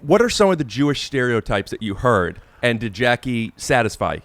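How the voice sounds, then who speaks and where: A man's voice: mid-range voice, big pitch swings, a bit bright, no room sound. Guy hosting a chill podcast, lots of uh and restarts, normal mid voice. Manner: halting, searching for words with many restarts. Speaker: podcast host. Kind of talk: casual podcast interview.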